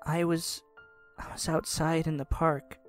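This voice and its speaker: A man's voice: level tone, measured pace, lightly acted. A man voicing a frightened, starving, sick young boy who pleads through tears, in a tabletop game with faint music behind. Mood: haunted. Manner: high, weepy and pleading. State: crying.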